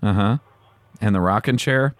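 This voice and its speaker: A man making a prank call who asks casual questions in a deadpan way. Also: fairly low pitch, moderate pace. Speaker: prank caller.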